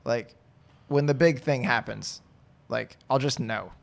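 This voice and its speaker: A man's voice: medium pitch, unhurried, gravelly. A man in his thirties, a guest on a podcast, talking candidly in a rambling, casual way with lots of fillers. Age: 30s. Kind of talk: casual chat.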